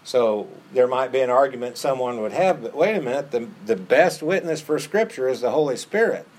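A man's voice: mid-range voice, animated, brisk, a little mellow. Man, preacher, earnest sermon, mid-range voice, repeats lines for emphasis.

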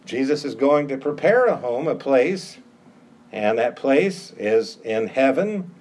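A man's voice: medium pitch, animated, slow, darkish tone. A middle-aged male pastor preaching a sermon, emphatic and repeating phrases for stress.

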